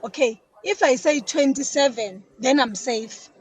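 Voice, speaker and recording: A woman's voice: sits high, unhurried, husky, low-quality recording. A South African woman explaining detergent making as a podcast guest, chatty, often repeating words. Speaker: business guest, detergent maker. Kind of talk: casual podcast interview.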